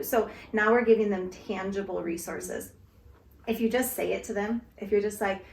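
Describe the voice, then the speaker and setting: Woman calmly explaining parenting advice. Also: medium pitch, moderate pace, creaky, a little hiss or hum. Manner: calm, explanatory, acts out parent-child dialogue. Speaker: guest speaker on parenting. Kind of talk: casual conversation. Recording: echoey room.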